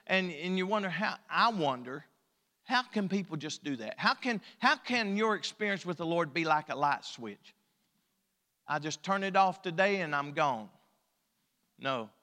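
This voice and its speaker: Male pastor, high bright tenor, folksy storytelling sermon, church hall reverb. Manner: folksy preaching, swings from hushed storytelling to loud exhortation. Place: church sanctuary.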